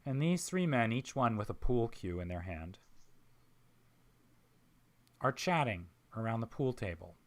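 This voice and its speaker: A man narrating as game master of a tabletop role-playing game, describing scenes in a measured, pausing way. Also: medium pitch, sing-song. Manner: measured, descriptive, with frequent pauses.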